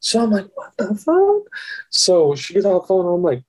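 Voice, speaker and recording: A husky man with a fairly high voice spins a profane, animated anecdote. His pitch leaps sharply whenever he quotes someone else. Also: fast, poor audio. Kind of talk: casual storytelling.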